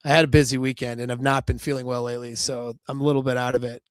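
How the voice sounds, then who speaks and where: A man giving a live dating-coach talk in a casual, loose way, full of fillers and quick "right?" checks. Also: mid-range voice, little pitch movement, clean tone, no echo, clean studio sound.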